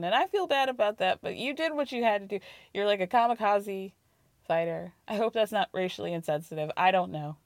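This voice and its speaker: A woman hosting a podcast, recapping reality TV in an animated, gossipy way, swearing freely and laughing often. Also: mid-range voice, dry recording, studio quality. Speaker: podcast host.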